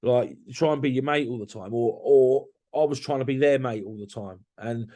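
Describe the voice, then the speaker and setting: A man's voice: mid-range voice, moderate pace, dark tone. A man talking candidly as a podcast guest, blunt and swearing freely, often restarting his sentences.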